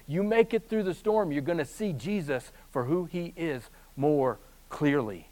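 A man preaching a sermon, swinging between hushed, slow passages and loud, fast bursts, with humorous asides. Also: a little high. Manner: animated storytelling with humorous asides. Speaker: pastor.

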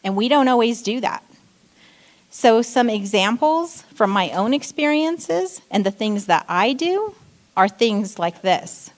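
A woman's voice: a little high, animated, unhurried. A woman giving a short sermon in church, telling a story and acting out frustrated lines. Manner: storytelling, acting out quoted outbursts. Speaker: church speaker. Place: church stage.

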